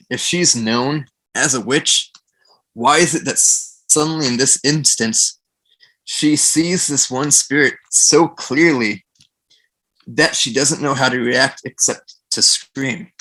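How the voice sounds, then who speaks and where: A man with a bright, forward voice talks in a casual podcast discussion. He retells stories with animation and slips into quick character voices for quoted lines. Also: medium pitch. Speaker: podcast guest.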